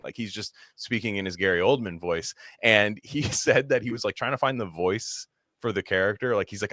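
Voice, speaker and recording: A man rambles through a casual podcast chat, profane and animated, now and then dropping into mocking put-on voices. His tone is bright and forceful, and his voice sits fairly low. The sound is dry and close. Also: fairly quick, dry recording. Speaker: podcast co-host.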